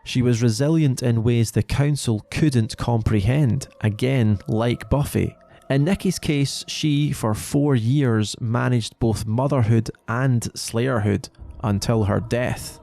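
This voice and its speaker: A man narrating a lore video in a measured, explanatory way. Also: mid-range voice, vocal fry, mellow. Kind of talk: scripted narration.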